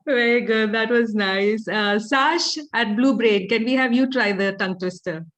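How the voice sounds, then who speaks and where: A woman's voice: a little high, a little slow, fairly bright tone. A woman hosting an online club meeting over a video call, chatty and welcoming as she greets people. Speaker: meeting host.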